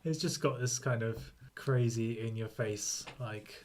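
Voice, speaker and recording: A man co-hosting a casual film podcast, chatty and quick to laugh. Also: medium pitch, a little hiss or hum. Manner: laughs often, loose and chatty. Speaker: podcast co-host. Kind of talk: casual film review chat.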